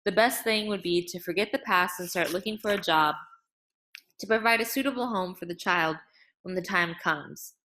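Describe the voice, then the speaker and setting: A woman voicing a grieving ex-convict father, a middle-aged man who pleads and then forces himself to sound calm. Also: on the low side, normal speed. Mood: restrained.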